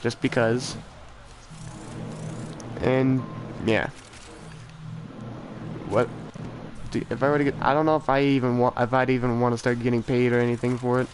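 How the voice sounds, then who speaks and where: A man's voice: medium pitch, level tone, normal speed, pauses often, over music, poor audio. A teenage boy chatting casually on a game stream, rambling and self-deprecating, often trailing off and restarting. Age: teens. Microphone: desk mic for streaming.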